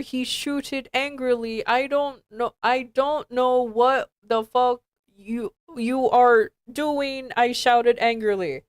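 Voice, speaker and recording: Woman streamer, reading aloud with exasperated asides, slow and measured, higher voice, dry close sound. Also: fairly even intonation, clean tone, no room sound. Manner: stumbles over misspelled words, exasperated asides. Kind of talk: reading a fan fiction aloud with commentary.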